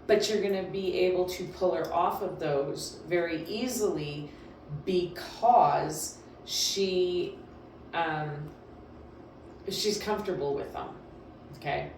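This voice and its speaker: A woman's voice: fairly low pitch, slow, a little mellow, slight background noise. A woman dog trainer giving casual, emphatic instructions in a chatty, repetitive way. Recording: very echoey room, distant mic.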